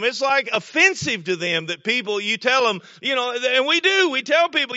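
A man preaching a sermon in a folksy, storytelling way, repeating words and now and then breaking into shouts. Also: very high-pitched, normal speed, few pauses, dry recording, muffled recording. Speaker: pastor.

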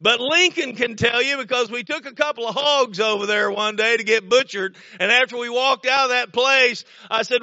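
A man preaching a sermon in a folksy, storytelling way, repeating words and now and then breaking into shouts. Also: very high voice, normal speed, few pauses, no echo, muffled recording. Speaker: pastor.

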